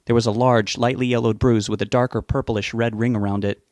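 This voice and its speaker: A man narrating a novel as an audiobook reader, giving the characters' lines small lifts in pitch. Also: steady tone, fairly quick, a little mellow, dry recording.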